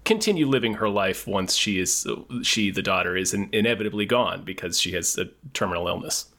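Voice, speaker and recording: A man chatting about a movie trailer on a podcast, animated and quick to laugh. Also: sits low. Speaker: podcast panelist. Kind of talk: casual movie chat.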